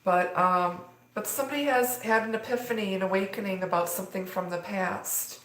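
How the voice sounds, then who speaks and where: In an echoey room, a woman gives a live tarot reading, rambling and filling her speech with fillers. She talks briskly in a medium-pitched, fairly bright voice.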